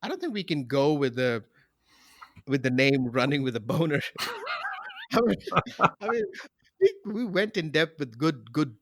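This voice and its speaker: A man hosting a podcast in casual chat, talking in a rambling, halting way with many restarts and fillers. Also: mid-range voice, sing-song, dry recording, studio quality. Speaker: podcast host.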